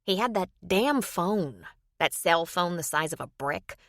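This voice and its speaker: A woman narrates a romance audiobook in a steady storytelling read. Her voice sits low, and the recording is dry, with no room sound. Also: measured pace, dry recording. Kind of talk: scripted narration.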